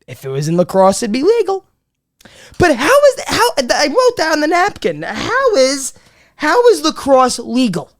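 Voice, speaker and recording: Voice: sits high, wildly swooping pitch, measured pace. Profane New comic ranting. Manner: profane, rambling, swings between loud bits and muttered asides. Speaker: comedy podcast host. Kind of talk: comedic rant.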